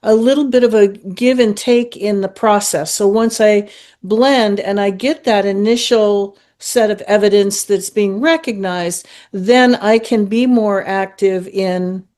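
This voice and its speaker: A woman's voice: mid-range voice, steady tone, unhurried, darkish tone. A woman student in a discussion on a call, thinking aloud as she questions the teacher.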